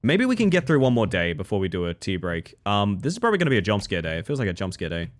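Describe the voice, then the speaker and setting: A man's voice: lowish voice, wildly swooping pitch, racing. A young man chatting casually and playfully with his audience during a game stream, joking about himself and laughing often. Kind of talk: casual gaming stream chat.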